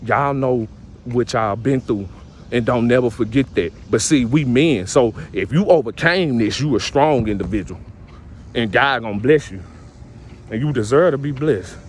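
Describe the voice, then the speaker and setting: A man's voice: medium pitch, moderate pace, a little hiss or hum. A man vlogging a casual rant to his viewers, repetitive and full of street slang.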